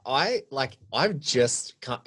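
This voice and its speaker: Rambling male podcast co-host, mid-pitched. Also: slow, slightly rough. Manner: rambling, animated, heavy use of "like". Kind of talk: casual film podcast chat.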